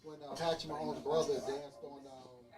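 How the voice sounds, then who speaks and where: A man's voice: fairly high pitch, level tone, moderate pace, a little mellow. A man talking football in a rambling, hesitant way full of ums, in a casual chat.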